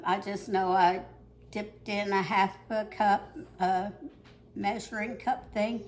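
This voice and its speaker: An older woman from the Ozarks, rambling through a casual cooking demonstration in her home kitchen while out of breath. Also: mid-range voice. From Ozarks, Missouri. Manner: rambling, chatty, many fillers.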